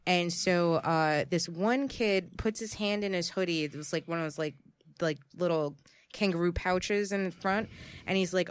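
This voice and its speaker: A woman co-hosting a podcast, telling a story in an animated, chatty way. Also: lowish voice, moderate pace, smooth, no echo. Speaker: podcast co-host. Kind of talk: casual chat.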